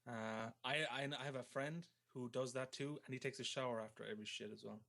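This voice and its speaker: A man's voice: medium pitch, fairly even intonation, fast talker, creaky, bright, forceful tone. A man co-hosting a casual internet radio chat, swearing freely and laughing easily. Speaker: co-host.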